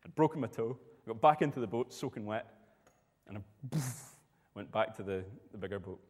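Preacher telling a story in a hall. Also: male voice, on the low side, animated, brisk, darkish tone. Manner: storytelling, conversational. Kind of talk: sermon.

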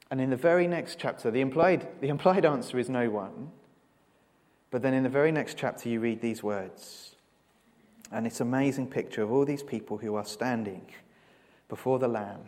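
A man preaching a sermon, earnest and measured, asking rhetorical questions. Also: medium pitch, darkish tone. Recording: long reverb of a large hall.

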